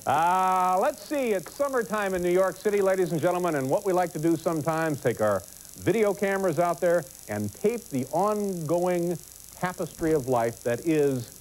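A man hosting a late-night talk show, telling a rambling joking anecdote with halting restarts, recorded on old broadcast tape. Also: high voice, lively intonation, poor audio. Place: television studio with live audience.

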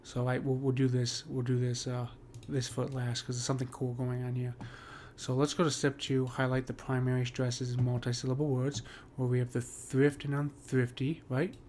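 A man's voice: medium pitch, little pitch movement, normal speed, hardly any pauses, a little mellow, slight background noise. A man walking through a poem's meter in a casual screen-share lesson, with lots of fillers and "right?" checks. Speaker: poetry teacher.

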